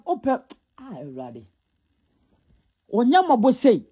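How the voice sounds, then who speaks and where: High, husky Ghanaian man scolding bloggers. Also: huge pitch swings, measured pace, pauses often, darkish tone. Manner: scolding, mocking, often laughing; mixes Twi and English. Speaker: gossip commentator. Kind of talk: casual gossip commentary.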